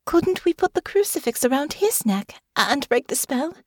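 A woman voicing Honor, a frightened, earnest young noblewoman, in a high, trembling, pleading voice in an audiobook. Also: sing-song, moderate pace, a little mellow, dry recording, clean studio sound. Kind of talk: audiobook character voice.

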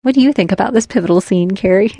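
A woman co-hosting a podcast, chatting casually about storytelling in an animated way, often restarting her sentences and laughing between thoughts. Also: mid-range voice, fast, husky, dry recording, studio quality. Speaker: podcast co-host.

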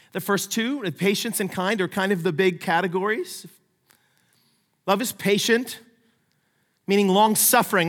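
A middle-aged man preaching a sermon as a pastor, lively and conversational, playfully acting out the voices he quotes. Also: sits high. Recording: long reverb of a large hall.

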